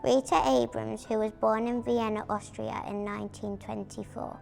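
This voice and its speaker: A woman reading a prepared family account aloud at a memorial event, steady and careful. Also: a little high, normal speed, creaky, faint music behind. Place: community arts venue.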